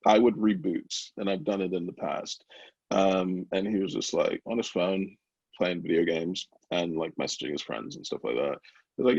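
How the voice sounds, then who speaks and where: A man with a low, gravelly voice tells his story openly in an interview, full of ums and restarts. The sound is dry and somewhat muffled, like a remote call. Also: a little fast, darkish tone, dry recording. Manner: emotional, open storytelling with many fillers. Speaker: brownie company founder, guest. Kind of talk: candid interview talk.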